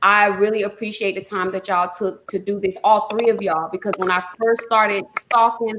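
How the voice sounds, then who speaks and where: A woman's voice: mid-range voice, fairly even intonation, moderate pace. Effusive woman host. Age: 40s. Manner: effusive, emotional, laughing often. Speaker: talk show host. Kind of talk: casual live chat. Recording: noisy live stream audio.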